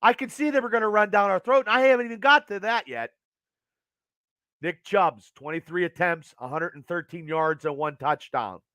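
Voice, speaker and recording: Male host at home, high sharp voice, cursing fast in angry outbursts, dry close sound. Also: no room sound. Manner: profane, agitated, fast rants. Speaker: podcast host. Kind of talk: angry sports rant to live chat.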